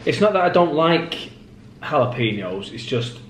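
A man's voice: a little high, very animated, normal speed. An English man co-hosting a casual food vlog, chatting in an easygoing, jokey way. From England. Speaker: co-host. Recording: roomy, faint ambient noise.

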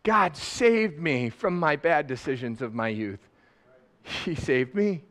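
Middle-aged pastor, lively sermon delivery, big swings from loud to quiet. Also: male voice, a little high, slow. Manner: animated, laughing, swings from loud to soft. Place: church sanctuary.

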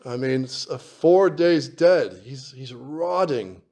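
A man preaching a sermon as a priest, slow and emphatic, repeating phrases for weight. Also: mid-range voice, mellow.

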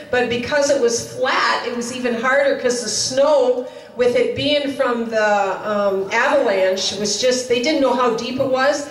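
A woman's voice: fairly high pitch, a little hiss or hum. A woman telling a story at a chapel service, acting out the dialogue in a casual, conversational way. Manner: retells a story with quoted dialogue, conversational fillers. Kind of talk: sermon storytelling. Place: chapel hall. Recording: echoey hall, voice from far off.

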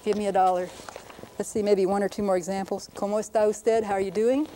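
A woman linguist presenting a televised lesson, explaining briskly and sounding out words to demonstrate them. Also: mid-range voice, flat delivery, dark tone, a little hiss or hum, poor audio. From United States.

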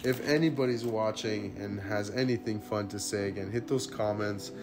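A man hosting a card-opening video, chatting casually to viewers and getting excited, jumping high when good cards show up and dropping to quiet murmurs in between. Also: moderate pace. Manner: excitable, jumps up high when hits appear, then drops to low murmurs. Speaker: card-opening channel host. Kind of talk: casual unboxing chat to viewers. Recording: music playing under the voice.

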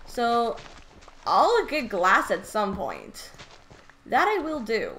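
A woman playing a video game and talking through it in casual commentary, excitable and gushing, often stammering and repeating herself. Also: on the high side, slow, slight background noise. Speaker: let's play gamer.

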